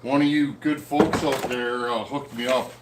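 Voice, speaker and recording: A man's voice: medium pitch, steady tone, heavy background noise. Easygoing man chatting on a livestream. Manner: friendly and easygoing, frequent "um" and "uh" pauses. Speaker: host of a livestream on chainsaw repair. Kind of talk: casual live chat, reading viewer comments aloud. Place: at home in a snowy area.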